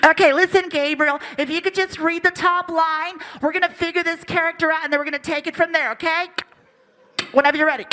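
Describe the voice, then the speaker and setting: A man voicing a brisk female voice-over director who gives quick, bossy instructions. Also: very high-pitched, fairly even intonation, bright, forceful tone, voice pushed up. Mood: chirpy, bossy.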